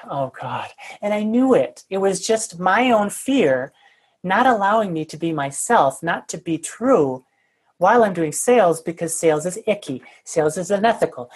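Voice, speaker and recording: Woman, low husky voice, candid self-deprecating podcast guest. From United States. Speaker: guest, sales consultant. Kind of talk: casual podcast storytelling.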